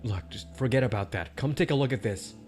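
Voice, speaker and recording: A man's voice: medium pitch, a little fast, darkish tone, soft background music. Young man reading game lines on stream. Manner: joking, reads character lines aloud. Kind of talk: casual live-stream play-through. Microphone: desk mic with static.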